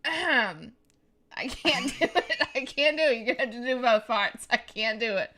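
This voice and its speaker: Woman streamer, casual chat, animated pitch, self-conscious and giggly. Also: normal speed. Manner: flustered, self-conscious, laughing. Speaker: streamer co-host.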